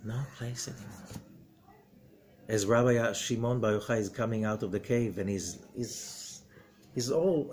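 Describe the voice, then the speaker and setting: A middle-aged rabbi who teaches the Zohar gives an animated spoken lesson. He poses rhetorical questions, acts out quotes, and swings suddenly between loud, emphatic bursts and low, quiet passages.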